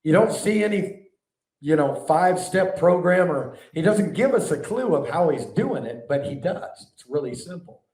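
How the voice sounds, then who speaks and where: A man preaching a sermon to a live audience, animated and conversational, often asking the room questions. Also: on the high side, normal speed. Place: large hall before a live audience. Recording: echoey hall, mic at a distance.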